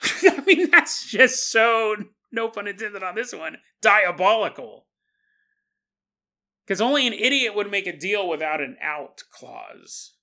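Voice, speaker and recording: A man hosting a podcast, telling a spooky story in a casual, animated way and often laughing at his own jokes. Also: on the high side, vocal fry. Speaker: podcast host.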